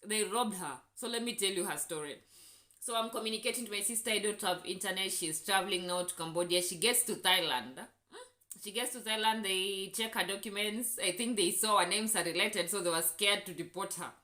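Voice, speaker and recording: A young Kenyan woman with a Kenyan accent, telling a travel story in an indignant, animated way for her vlog. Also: mid-range voice, a little fast, reverberant. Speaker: vlogger.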